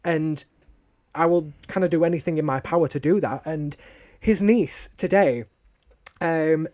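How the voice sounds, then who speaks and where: A man's voice: on the high side, a little slow, darkish tone. A young man with a Northern English accent, co-hosting a podcast and telling a story bluntly, with a lot of swearing. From northern England. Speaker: podcast co-host. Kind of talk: casual podcast chat.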